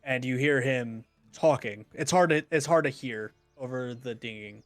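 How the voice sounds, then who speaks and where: A man narrating a tabletop game as game master in a plain, halting way, with frequent ums and restarts. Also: medium pitch, no echo, soft background music. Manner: refuses to do character voices.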